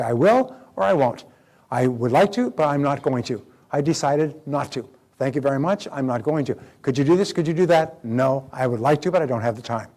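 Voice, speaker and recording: A man giving a live motivational seminar talk, animated, acting out quoted dialogue. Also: medium pitch. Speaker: motivational speaker.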